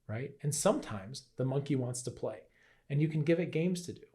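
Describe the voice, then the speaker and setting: This health and Qigong teacher speaks at a medium pitch in a mellow, animated way, a little on the fast side. Talking to camera, he teaches conversationally, tossing in "right?" and voicing playful inner thoughts.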